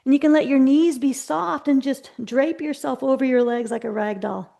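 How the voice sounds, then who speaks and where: A woman teaching a live yoga class over a video call, giving slow, gentle cues with soft asides. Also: high-pitched, creaky.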